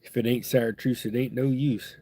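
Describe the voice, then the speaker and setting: A middle-aged man with a stuffed-up nose talks in a loose, folksy ramble as he hosts a live fly-tying session. His voice is mellow and husky, and the sound is dry and close. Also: mid-range voice, steady tone, moderate pace, no echo. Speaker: fly-tying livestream host.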